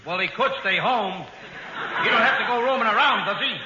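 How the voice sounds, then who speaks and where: A comedian man with a high, boyish voice cracks whiny jokes in old-time radio style. The sound is muffled and dull, with loud hiss and an echoey room around him. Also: fairly quick, over a noisy crowd. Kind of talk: 1940s radio comedy acting.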